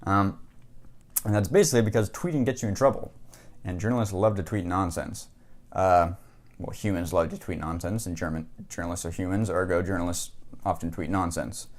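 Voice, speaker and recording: Low-voiced man rambling wryly. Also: fairly quick. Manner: rambling, wry, lots of fillers. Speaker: journalist vlogger. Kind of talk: casual to-camera commentary.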